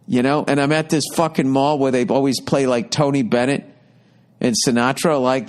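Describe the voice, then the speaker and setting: This fifty-something podcast host has a mid-range voice, a steady tone, and a moderate pace. He tells a rambling, fed-up comic story loaded with heavy profanity.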